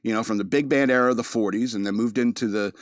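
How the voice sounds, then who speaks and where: Speaking quickly at medium pitch, this East Coast man with a mid-Atlantic American accent hosts a podcast with a loose, jokey monologue. He wanders from point to point, laughs often, and the recording is dry.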